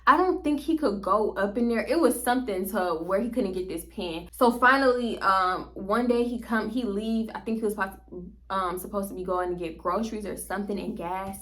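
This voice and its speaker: A woman telling a story to her viewers in a casual, slangy way, animated and laughing often. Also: mid-range voice, fairly quick.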